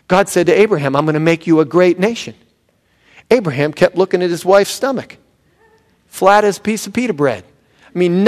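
A pastor preaching a sermon, animated and swinging from loud emphasis to hushed tones. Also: male voice, fairly high pitch.

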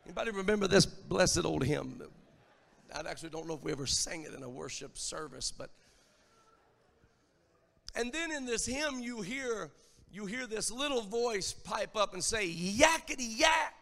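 High, gravelly preacher in a reverberant church. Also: male voice, animated, moderate pace, pauses often. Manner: emphatic, building to shouted lines. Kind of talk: sermon.

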